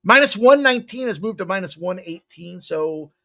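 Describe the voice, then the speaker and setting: A man's voice: high voice, expressive, moderate pace, bright, forceful tone. A man hosting a sports betting show, rambling and joking through his picks and swearing casually.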